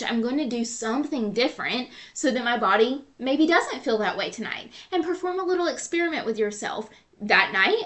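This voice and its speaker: A woman's voice: on the high side, a bit bright. A woman hosting a solo podcast, giving earnest, repetitive coaching advice. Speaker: podcast host and nutrition coach.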